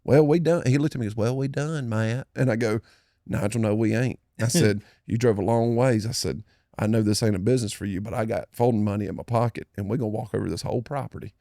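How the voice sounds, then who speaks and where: A man's voice: on the low side, steady tone, fast, vocal fry, dark tone, no echo, clean studio sound. A man hosting a podcast, telling stories in casual chat. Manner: storytelling, drawling Southern banter. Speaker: podcast host.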